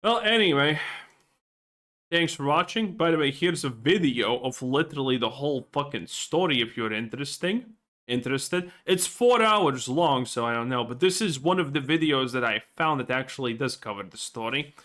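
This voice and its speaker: A man's voice: medium pitch, animated, moderate pace, a bit bright. A young man reviewing a video game in an exasperated, profane and sarcastic rant. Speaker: gaming video creator.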